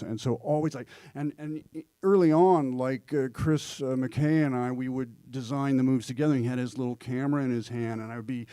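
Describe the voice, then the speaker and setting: A man and actor answering questions at a live Q&A, telling animated stories and slipping into voices and quotes. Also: mid-range voice, a little fast, hardly any pauses, no echo. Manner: animated storyteller who slips into voices and quotes. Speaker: actor and guest. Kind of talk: live Q&A discussion.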